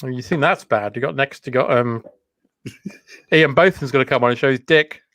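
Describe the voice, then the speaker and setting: A man's voice: medium pitch, moderate pace, fairly bright tone, no echo. A man co-hosting a comedy podcast, riffing playfully in casual banter. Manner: riffing, playful, mock-broadcaster asides.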